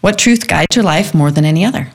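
Husky, gravelly woman host. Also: on the low side, animated, fast talker. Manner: supportive, affirming. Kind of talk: casual interview chat.

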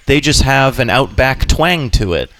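Comedian guy, slight boston accent, quick jokey bursts. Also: mid-range voice, slight background noise. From Boston area. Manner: quick, joking, animated. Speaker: comedian guest. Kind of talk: casual interview chat.

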